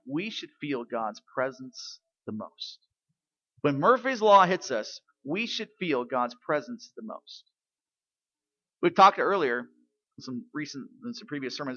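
A man preaching a sermon, telling stories and asking rhetorical questions, swinging between quiet and loud emphasis. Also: fairly high pitch, dry recording, highs cut off. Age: adult parent. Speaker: pastor.

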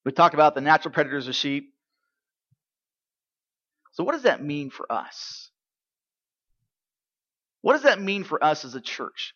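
Male pastor preaching, bright high voice, lots of "right?" questions, bit muffled lo-fi sound. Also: sing-song, unhurried, pauses often, husky. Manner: asks the congregation rhetorical questions, swings from quiet to loud. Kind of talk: sermon.

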